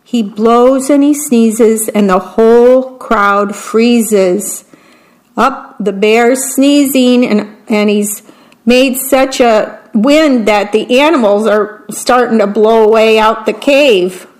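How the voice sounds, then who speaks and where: A woman reads picture books aloud slowly and gently, pausing to describe what is on each page. Her voice sits a little high for a woman. Her delivery is unhurried. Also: rough recording. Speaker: storybook reader.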